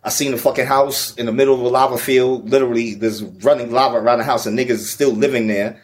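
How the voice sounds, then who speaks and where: Profane, animated New storyteller man. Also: mid-range voice, fast talker. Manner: profane, animated storyteller, repeats "you know what I'm saying". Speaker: podcast guest. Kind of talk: casual storytelling.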